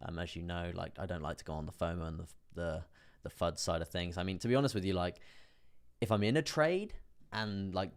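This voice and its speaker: A young man chatting casually on a live stream, commenting on trades with lots of fillers and asides to viewers. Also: low-pitched. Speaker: crypto trading streamer.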